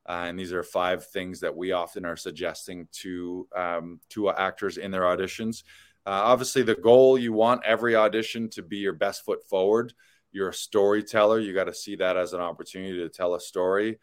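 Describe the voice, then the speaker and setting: Canadian guy w/ a lowish voice, chatty podcast host, rambles with lots of ums and uhs. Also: clear, resonant tone. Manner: rambling storyteller, many fillers. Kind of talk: casual chat.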